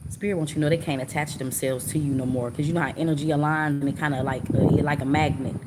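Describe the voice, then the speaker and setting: A woman's voice: deep voice, fairly even intonation, quick pace, heavy background noise. A woman giving a live tarot reading, channeling messages in an earnest, emotional and informal way, often repeating herself.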